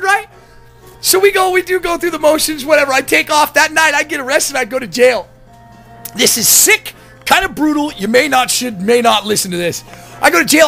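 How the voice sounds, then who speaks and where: A man with a high, bright, gravelly voice tells a rambling, profane story straight to camera. His pitch swings widely as he talks, and he keeps chuckling through the tale. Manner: rambling, profane, laughs while telling. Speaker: vlogger. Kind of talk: casual storytelling monologue.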